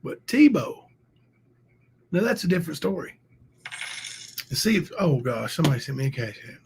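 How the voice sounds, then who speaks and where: A man's voice: a little high, very animated, moderate pace, gravelly, a little hiss or hum. A man hosting a casual livestream, thanking viewers and ranting heatedly. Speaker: livestream host.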